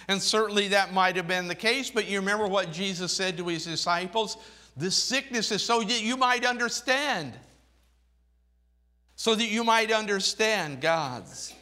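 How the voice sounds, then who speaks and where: A man preaching a sermon, reading scripture in old-fashioned wording and swinging between soft, low phrases and raised, emphatic ones. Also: moderate pace. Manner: reads scripture aloud in King James wording.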